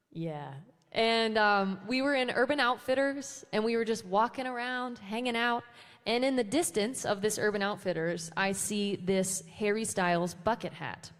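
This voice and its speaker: A woman's voice: mid-range voice, fairly bright tone, long reverb tail. A young woman singer-songwriter chatting casually between songs at a live show, laughing often and saying "um" and "like" a lot. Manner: casual, self-deprecating, laughs often, many "um" and "like". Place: church hall with a live audience.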